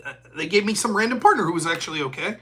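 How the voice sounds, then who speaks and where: A man's voice: high voice, lively intonation, rapid-fire, pushed and bright. A man of forty hosting a live stream, talking in a profane, heated rant. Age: 40s. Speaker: host.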